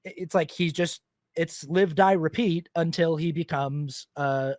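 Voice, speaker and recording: Male podcast co-host, rambling casual film chatter, higher voice, dry recording. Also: measured pace, a little mellow, no room sound. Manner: chatty, rambling, lots of "like" and laughs. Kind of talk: casual film review chat.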